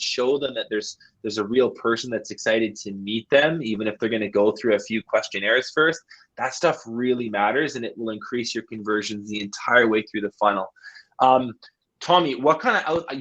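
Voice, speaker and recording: A man's voice: medium pitch, fairly bright tone, poor audio. A man hosting a business roundtable on a video call, earnest and encouraging as he sums up and turns to the audience. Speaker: roundtable host. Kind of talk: moderating a roundtable.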